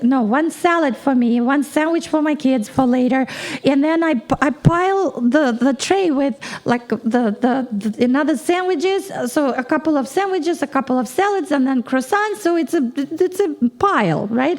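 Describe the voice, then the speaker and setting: A middle-aged woman, a native Russian speaker, telling a story on a concert stage in a lively way, acting out the dialogue and restarting often. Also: high voice. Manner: animated, quick storytelling with many restarts and acted-out dialogue. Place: concert stage before a live audience.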